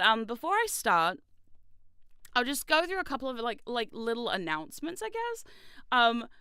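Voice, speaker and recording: Bright, excitable young woman streamer. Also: on the high side, clear, resonant tone, no echo. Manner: excitable, swears freely, bursts into laughter. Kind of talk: casual livestream chat.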